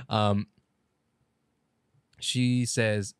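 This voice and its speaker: A man's voice: on the low side, fairly even intonation, unhurried, pauses often, no echo, clean studio sound. A man co-hosting a podcast in casual chat, rambling through an anime plot, correcting himself and swearing casually. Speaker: podcast co-host.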